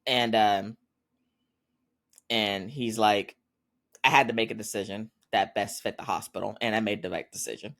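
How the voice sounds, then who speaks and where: A woman hosting a podcast, casually recapping a drama episode and retelling its scenes, her voice jumping up when she gets excited. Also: normal speed, pauses often. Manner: animated retelling, voices quotes in a lower flat tone, squeals when excited. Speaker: podcast host.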